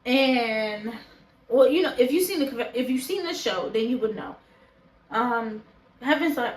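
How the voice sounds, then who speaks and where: A woman's voice: fairly high pitch, lively intonation, a little slow, echoey room, low-quality recording. Blunt, foul-mouthed woman reviewer. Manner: blunt, profane and opinionated. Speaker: show reaction vlogger. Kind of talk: casual review chat to camera. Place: indoors, talking to a camera.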